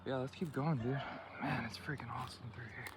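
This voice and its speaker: A man's voice: mid-range voice, steady tone, fairly quick. A man filming a casual vlog while hiking an outdoor trail, talking in a rambling, laid-back way with lots of slang. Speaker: vlogger. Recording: noisy outdoor recording.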